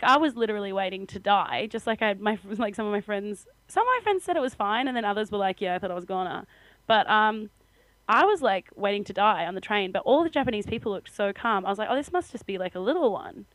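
A woman's voice: medium pitch, animated, quick pace, a bit bright, dry recording, poor audio. A young Australian woman co-hosting a podcast, telling a story in casual chat with frequent laughter. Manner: chatty storytelling, laughs often. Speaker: podcast co-host.

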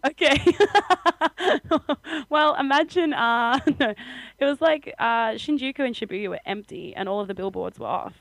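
A woman's voice: on the high side, moderate pace, vocal fry, a bit bright, no echo, rough recording. Young aussie woman rambling through a story on a podcast, giggly, dry close mic. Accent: Australian. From Australia. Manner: chatty storytelling, laughs often. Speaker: podcast co-host. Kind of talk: casual chat.

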